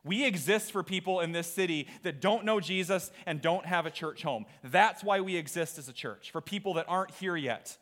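High-voiced man preaching earnestly. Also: normal speed, hardly any pauses. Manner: earnest, animated preaching with repeated phrases. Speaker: pastor. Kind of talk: sermon. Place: church auditorium.

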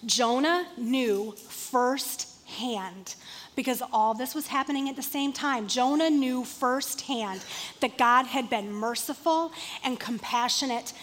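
A woman preacher giving a conversational, animated sermon to a seated congregation in a room. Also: a little high, takes it slowly, in a large hall, slight background noise. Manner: conversational and animated, acting out quotes.

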